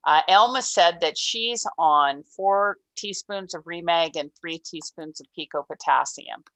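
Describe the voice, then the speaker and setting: Low-voiced gushing woman co-host. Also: measured pace, a bit bright, low-quality recording. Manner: gushing, enthusiastic. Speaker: radio co-host. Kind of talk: casual radio chat.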